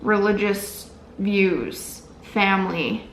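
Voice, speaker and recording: Casual vlog co-host: a chatty woman with a gravelly voice, roomy sound with faint noise. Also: mid-range voice, extremely slow. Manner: chatty, earnest, trailing off with fillers. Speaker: co-host of a couple's channel. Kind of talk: casual chat to camera.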